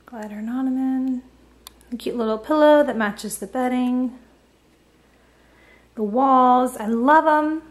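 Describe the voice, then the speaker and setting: Woman, higher voice, chatty vlog, camcorder audio, echoey small room. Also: slow, long pauses. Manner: chatty, lots of fillers and little laughs. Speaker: pregnancy vlogger. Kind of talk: casual chat. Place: small nursery room at home. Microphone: handheld camcorder.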